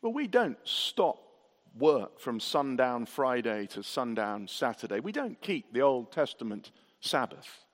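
Earnest preacher in an echoing hall. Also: male voice, medium pitch, very animated, a little slow. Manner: earnest, rhetorical questions and repetition. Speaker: pastor. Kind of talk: sermon. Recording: reverberant church hall.

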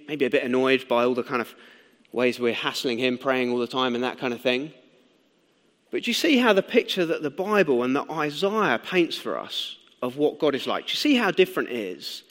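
A young man preaching a sermon in a conversational, animated way, asking the listeners questions as he explains and tells stories. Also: a little high. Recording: long hall reverb.

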